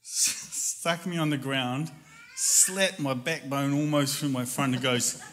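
A man telling a personal story in a casual, animated way, laughing often and acting out voices. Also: medium pitch, slow, a little hiss or hum.

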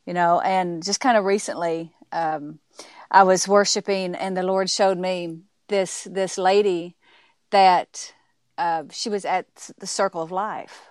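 A woman guest recounting stories in an interview, her voice smooth and resonant. She talks in a halting way, often restarting sentences and using fillers. The sound is dry and close. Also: on the low side, fairly even intonation, dry recording. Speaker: author and speaker, guest. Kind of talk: casual interview storytelling.

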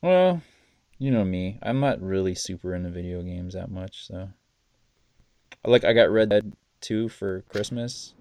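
A low-pitched man hosts a casual podcast, telling stories with lively acted-out quotes and frequent laughs. His voice is deep and the sound is dry and close, with no room around it. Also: measured pace, dry recording. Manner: animated storyteller, acts out quotes, laughs often, swears. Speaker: podcast host. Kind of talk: casual chat.

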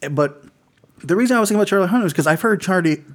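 Man, 30s, podcast co-host; swings his pitch widely, rambling, swears freely. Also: lively intonation, rapid-fire. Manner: rambling, swears a lot, laughs often. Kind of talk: casual chat.

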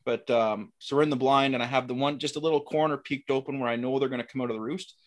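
A man's voice: mid-range voice, fast talker. A middle-aged man casually telling a story, acting out the lines of the people in it. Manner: animated, acts out dialogue in quotes. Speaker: guest telling a hunting story.

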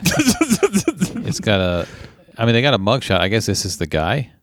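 A man's voice: mid-range voice, huge pitch swings, measured pace, no room sound, studio quality. A man co-hosting a casual comedy podcast, reading out news headlines and laughing often.

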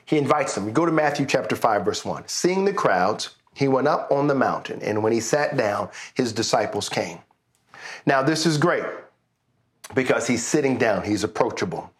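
A man's voice: medium pitch, animated, moderate pace. Man preaching a conversational sermon. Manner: conversational storytelling, rising to exuberant praise. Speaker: pastor. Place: church service streamed online.

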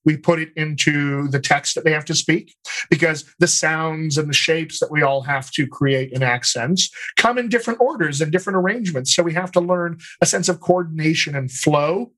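A man with a General American accent and slight Colorado features, a dialect coach explaining his method in a calm, methodical interview. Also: on the high side, normal speed, low-quality recording. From United States. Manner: explanatory, methodical, talks in lists. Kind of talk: conversational interview.

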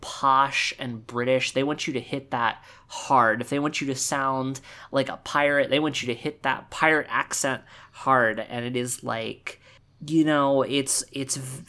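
A podcast co-host in a loose, casual chat, giving opinions in a rambling way. Thoughts come out in stops and restarts, often circling back to repeat a point. The voice sits at a middle pitch. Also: steady tone, a little slow, bright, forceful tone. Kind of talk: casual chat about game voice acting.

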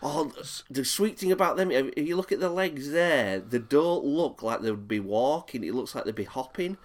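A man's voice: medium pitch, expressive, normal speed. A man, co-hosting a comic podcast and telling stories in an easygoing, joking way. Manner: easygoing, storytelling asides. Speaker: co-host.

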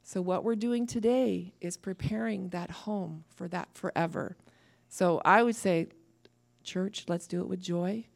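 A woman preaching a sermon to a church, lively and laughing at her own asides. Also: lowish voice, unhurried, gravelly.

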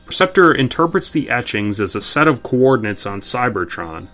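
A male fan podcast host with a mid-range voice, recapping a plot before sliding into rambling, profane chatter packed with fillers. Faint music sits quietly underneath. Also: medium pitch. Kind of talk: synopsis reading and casual chat.

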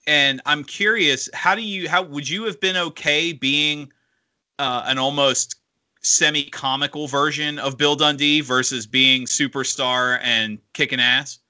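A man's voice: on the high side, fairly even intonation, a little slow, bright, forceful tone. A man hosting an interview show, asking long, winding questions with many restarts. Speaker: interview host. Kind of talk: radio interview.

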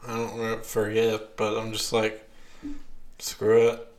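A young man hosts a relaxed podcast, speaking at an unhurried pace and pausing often with ums. His voice sits at an ordinary pitch. The room gives the sound a noticeable echo. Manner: slow, hesitant, many ums. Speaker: podcast host. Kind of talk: casual chat.

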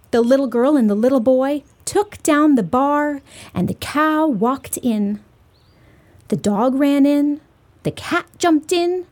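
A woman hosting a children's storytime, reading aloud in a bright, sing-song way for small children. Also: high voice.

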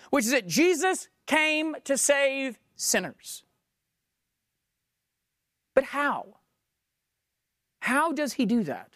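A woman's voice: high voice, fairly bright tone, dry recording. Woman preacher, emphatic sermon delivery with rhetorical questions, dry close sound.

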